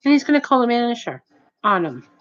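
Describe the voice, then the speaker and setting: Woman ranting about a store run-in, rambly and worked up, kinda high voice, swears a lot, muffled lo-fi sound. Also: sing-song, fast talker, soft background music. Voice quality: heavy swearing, nonstandard grammar. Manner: indignant, rambling with restarts and "you know what I mean". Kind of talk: casual storytelling rant. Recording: dull lo-fi audio.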